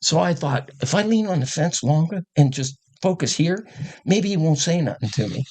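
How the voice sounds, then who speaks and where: An older man with a husky, slightly breathy voice recounts old coaching stories in a relaxed podcast conversation. He talks casually and acts out the lines of the people in his stories, laughing as he goes. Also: a little high, normal speed. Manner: animated storyteller who acts out quotes and laughs. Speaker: guest, former coach.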